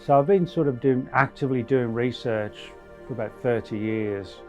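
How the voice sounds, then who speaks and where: A man's voice: mid-range voice, moderate pace, darkish tone. A man talks modestly and a little hesitantly about his start as a researcher. The audio is dull and muffled, with faint music underneath. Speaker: researcher interviewee. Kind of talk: casual interview talk.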